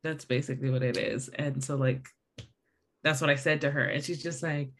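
A young adult woman co-hosting a casual book-club podcast, talking fast and chatty. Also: sits low, level tone, fairly bright tone. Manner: fast, chatty, calls people "babes". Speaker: podcast co-host.

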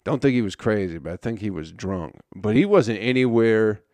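A man's voice: fairly low pitch, animated, normal speed, a little mellow, no room sound. A young man hosting a podcast, telling a story in a loose, casual monologue full of swearing. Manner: laid-back storytelling, swears often. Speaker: podcast host.

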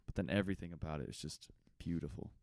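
A man's voice: very deep voice, fast, vocal fry, a little mellow, dry recording, clean studio sound. A young man co-hosting a podcast, chatting about a film with enthusiasm and lots of fillers. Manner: enthusiastic, rambling with many fillers. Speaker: podcast co-host. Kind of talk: casual chat.

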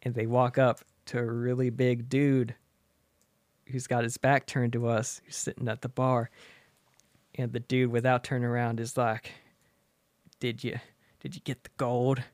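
A man's voice: mid-range voice, moderate pace, no echo. A man in casual chat retelling a story with lots of laughter, slipping into character voices. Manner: animated, laughs often, acts out characters.

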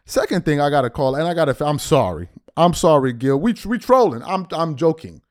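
Blunt, lively sports commentator. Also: male voice, fairly high pitch, fairly quick, no room sound, clean studio sound. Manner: blunt, mocking, animated, teasing then insisting it's jokes. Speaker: sports commentary podcast host. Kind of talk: opinionated sports commentary monologue.

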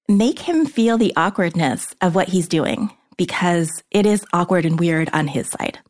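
A woman's voice: on the low side, lively intonation, a little slow, hardly any pauses, darkish tone. A woman answering a listener's letter with frank, direct advice in a conversational way. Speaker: advice columnist.

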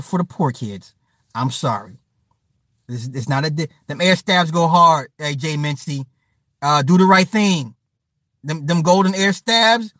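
A man in his forties spins a casual story for his live chat, swearing freely and repeating himself for effect. His voice sits high and the sound is dry and close. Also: no room sound. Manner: profane, animated, repetitive slang. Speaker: streamer talking to chat.

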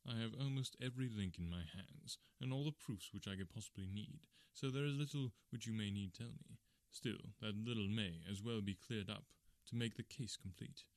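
A man voicing a calm, stern middle-aged male detective in measured, quiet tones in an audiobook. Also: fairly low pitch, no room sound, close to an everyday voice. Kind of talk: audiobook character reading.

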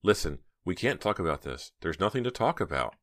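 A man's voice: low voice, sing-song, fairly quick, fairly bright tone, dry recording, clean studio sound, heavily acted. A man voicing a defensive teenage girl, talking in tense, clipped lines.

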